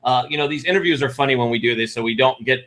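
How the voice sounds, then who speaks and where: Here a middle-aged co-host of a podcast talks very fast in a mid-range, somewhat bright voice. The conversation is relaxed and rambling, and he keeps restarting and correcting himself.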